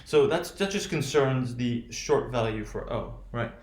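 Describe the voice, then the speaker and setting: A male teacher with a General American accent, lecturing on pronunciation, halting, restarting often and checking with "right?". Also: mid-range voice, expressive, darkish tone, roomy sound. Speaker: phonetics teacher. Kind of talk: recorded remote lecture.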